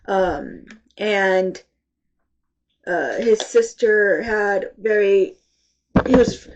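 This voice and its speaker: A woman reviewing books in a casual, rambling chat, halting often and sounding congested from allergies. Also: medium pitch, a little mellow, dull audio. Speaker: book reviewer.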